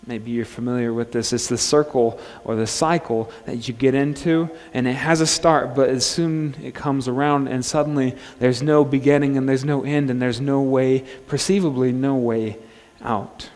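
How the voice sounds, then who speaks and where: A male pastor preaching a sermon in a relaxed, conversational way, joking and restarting his phrases. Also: mid-range voice, moderate pace, hardly any pauses. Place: church sanctuary. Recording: long church-hall reverb.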